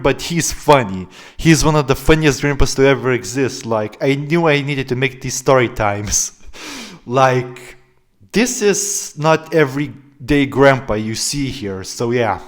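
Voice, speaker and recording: A young man telling a story-time vlog in a casual, rambling way, often laughing and filling gaps with "like" and "uh". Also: mid-range voice. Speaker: vlogger.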